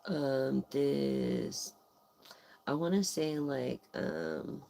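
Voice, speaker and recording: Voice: medium pitch, very animated, very slow, vocal fry, dark tone, low-quality recording. An adult tarot reader giving a casual live reading, rambling and meandering with lots of fillers and the odd swear word.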